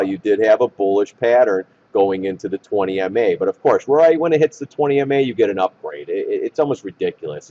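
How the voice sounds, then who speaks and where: A man walking through stock charts in blunt trader slang, hoarse and losing his voice. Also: on the low side, mellow. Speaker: stock market commentator. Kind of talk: chart analysis talk. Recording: dull lo-fi recording.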